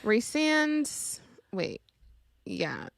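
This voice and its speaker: A young adult woman co-hosting a podcast, giving an animated casual recap of a book and quoting the characters. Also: fairly high pitch, drawn-out words, vocal fry, no room sound, clean studio sound. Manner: animated retelling, quotes characters. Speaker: podcast co-host.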